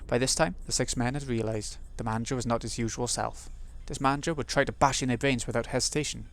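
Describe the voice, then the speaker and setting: A man's voice: medium pitch, fairly even intonation, fast. A man hosting a let's play, reading a visual novel's narration aloud and muttering asides to himself between passages.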